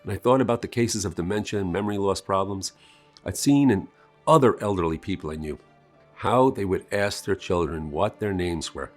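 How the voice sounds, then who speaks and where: Lowish male voice telling a dramatic ad story. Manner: dramatic storytelling with strong swings in pitch and volume. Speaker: ad narrator. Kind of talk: scripted first-person sales narration. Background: faint music.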